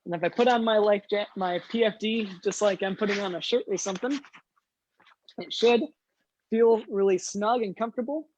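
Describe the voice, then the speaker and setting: A man's voice: high-pitched, moderate pace, highs cut off, slight background noise. A man hosting a scouting den meeting for young kids, upbeat and leading activities with frequent "uh" fillers.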